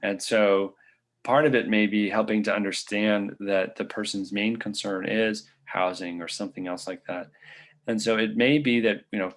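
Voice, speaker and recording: A man's voice: fairly low pitch, steady tone, normal speed. A male physician presenter answering audience questions in an online lecture, talking casually and thinking aloud with frequent fillers.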